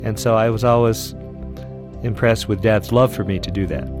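A man's voice: on the low side, steady tone, normal speed, over music. A man sincerely recalling a fond childhood memory. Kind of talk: personal reminiscence.

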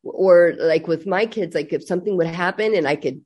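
An older woman chatting as a guest on a talk show. She tells family stories in an animated way and acts out the voices of the people in them. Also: fairly low pitch, normal speed, husky. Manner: animated storyteller acting out quotes. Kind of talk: casual chat.

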